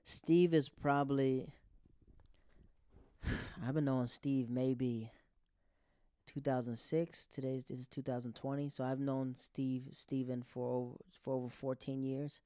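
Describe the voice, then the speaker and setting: A man in his thirties telling a casual personal story about a friend's late father, halting and restarting often, in a grieving state. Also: mid-range voice, little pitch movement, warm tone, clear, resonant tone, no echo, studio quality. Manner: rambling, halting, with many restarts.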